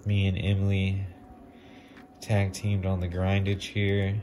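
A man making jewelry, talking casually to his viewers in a vlog, excited and marvelling, laughing often as he shows pieces. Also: sits low, slow pace, slight background noise. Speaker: jewelry maker.

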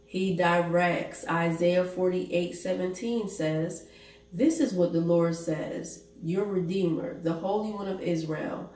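A woman pastor preaching a sermon, reading Bible verses aloud in a deliberate way. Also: on the low side, dark tone. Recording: echoey room, voice from a distance.

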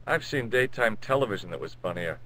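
An actor playing a persistent, wisecracking amateur sleuth in a point-and-click adventure game, asking around with dry humor. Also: male voice, on the low side, animated, brisk, sharp tone, rough recording. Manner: dry, sarcastic quips. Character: wry American male tourist sleuth, persistent.

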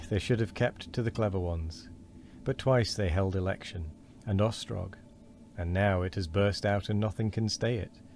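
Wheezy old man, fearful and gossipy, deep and dark, read by a man; faint hiss. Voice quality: wheezy, quavering.

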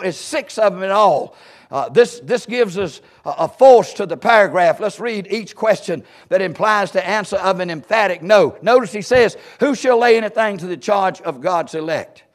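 A male pastor preaching a sermon emphatically, building with rhetorical questions and sudden bursts of volume. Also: high voice.

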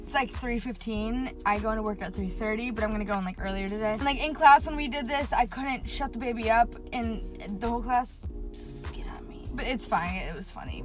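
A teenage girl vlogging from her car into a phone camera. She rambles in a casual, chatty way with lots of "like.". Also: on the high side. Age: teens. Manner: chatty, rambling, full of filler "like". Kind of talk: casual vlog chat. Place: inside a car.

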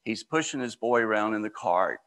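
Gravelly-voiced man giving an inspirational talk. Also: lowish voice, animated, fairly quick, a bit bright. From United States. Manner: conversational, storytelling asides. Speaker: spiritual speaker.

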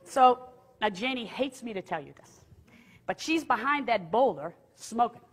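A woman giving a lively, humorous faith testimony, acting out what people said as she tells the story. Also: on the high side, moderate pace, noisy background. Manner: lively, humorous, acts out quotes. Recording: long hall reverb.

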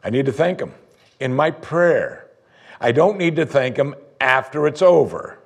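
A man preaching a sermon as pastor, conversational, voicing his listeners' doubts in a higher voice. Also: lively intonation, measured pace, gravelly, husky. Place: church sanctuary.

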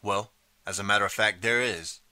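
Man voicing angry male film director, shouting, frantic, crisp dry sound. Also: lowish voice, fairly even intonation, moderate pace, no echo. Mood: sly.

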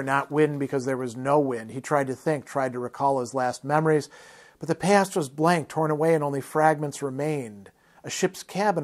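A man reads a novel passage aloud during a lecture, measured and expressive. His voice sits somewhat high for a man.

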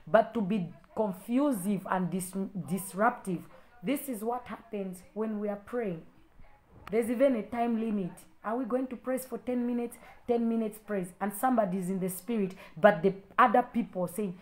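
A woman's voice: fairly high pitch, normal speed. Fiery woman preacher in an echoey room. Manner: exhorting, repetitive, rising to stern loud warnings. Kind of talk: impassioned online sermon.

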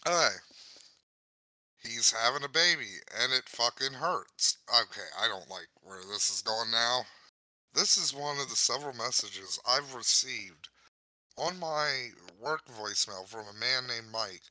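A man's voice: medium pitch, expressive, measured pace, bright, forceful tone, no echo, low-quality recording. A man co-hosting a casual podcast, joking, crude and blunt. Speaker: podcast co-host.

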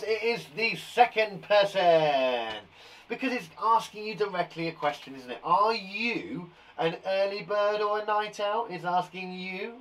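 A young British man who is a primary school teacher, giving a lively, encouraging online lesson to young children, with playful asides. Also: sits high. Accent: British English.

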